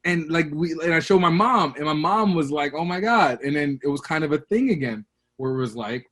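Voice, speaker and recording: A man in his thirties, originally from Brooklyn, talks a little fast in a fairly high voice. Guesting on a relaxed interview, he animatedly shares stories from his childhood and acts out what people said with a raised voice.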